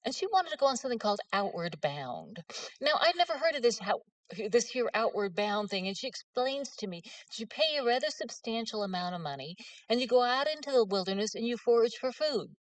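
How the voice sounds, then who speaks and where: A woman's voice: fairly high pitch, sing-song, fairly quick, no echo, far from the mic. A middle-aged woman, telling humorous, self-mocking stories in an author's talk. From West Virginia. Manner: folksy, self-mocking storyteller.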